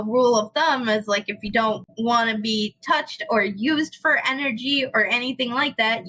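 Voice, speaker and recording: A young woman chatting casually on a podcast, telling a ghost story in an animated way, with lots of fillers and swearing. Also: fairly high pitch, a little hiss or hum, low-quality recording. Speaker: podcast co-host.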